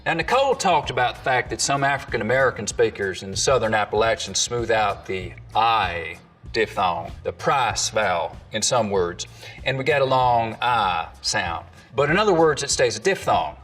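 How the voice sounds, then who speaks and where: A man's voice: mid-range voice, animated, moderate pace, a bit bright, far from the mic, faint music behind. A man, a dialect coach, explaining accents in scripted narration and demonstrating sounds.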